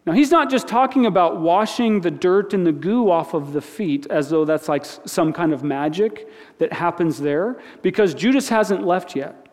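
A man's voice: high-pitched, animated, normal speed, darkish tone. A man preaching a conversational sermon in a church, talking informally, repeating words and asking the listeners questions. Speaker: pastor. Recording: long reverb of a large hall.

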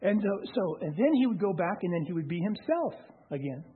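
A man telling a personal testimony story in a conversational way, with halting restarts. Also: high-pitched, very animated, a little hiss or hum. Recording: tinny phone-like sound.

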